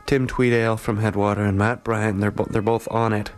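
A man's voice: on the low side, little pitch movement, a little fast. A man hosting a morning show in a radio studio, casually back-announcing songs with lots of fillers. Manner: laid-back, rambling with many fillers. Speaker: radio host.

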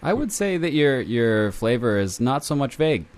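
A man co-hosting a casual comedy podcast, trading deadpan jokes and silly improvised raps. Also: mid-range voice, normal speed. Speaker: co-host.

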